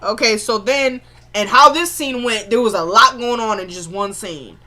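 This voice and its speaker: A woman recapping a TV episode in a casual vlog from her home kitchen, chatty and animated, with exasperated asides. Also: fairly high pitch, normal speed. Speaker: TV episode reviewer.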